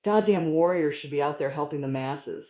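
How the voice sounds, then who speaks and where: A man doing a stand-up routine, telling stories in a profane, animated way. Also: on the high side, normal speed. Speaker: stand-up comedian. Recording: tinny, roomy live recording.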